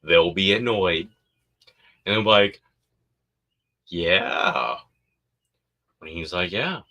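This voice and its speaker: A man's voice: sits low, steady tone, moderate pace, bright, forceful tone. A man hosting a podcast, rambling crudely and jokingly, often acting out silly voices. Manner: crude, joking, acts out voices of babies and parents. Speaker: podcast host. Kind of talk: casual rambling monologue.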